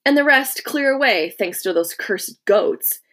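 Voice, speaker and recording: A woman reading a story puts on the voice of a gruff Roman centurion barking orders, raised, hard-edged and contemptuous toward his captive, climbing sharply when he shouts. Her voice is mid-range and animated, at normal speed.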